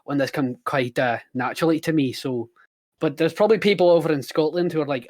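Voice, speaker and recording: An Irish man talks on a podcast in a slightly higher register. He pauses often and leans on fillers as he thinks aloud. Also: a little mellow. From Ireland. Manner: halting, many fillers. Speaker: podcast cast member. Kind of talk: casual podcast chat.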